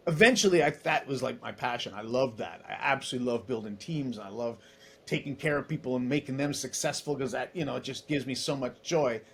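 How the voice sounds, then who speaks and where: A man in his forties, a tech executive as an interview guest, telling stories in a chatty, animated way with many restarts and asides. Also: mid-range voice, fairly quick, vocal fry, breathy edge. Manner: animated, acts out dialogue in other voices. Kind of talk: casual interview storytelling.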